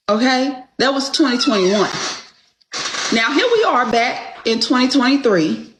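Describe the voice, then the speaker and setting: Woman guest, emphatic and profane storyteller, unhurried, in a roomy, echoey space. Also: high voice, lively intonation, a bit bright, a little hiss or hum. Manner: emphatic, profane, keeps asking "okay?". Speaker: guest telling her story. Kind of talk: casual storytelling. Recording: echoey room.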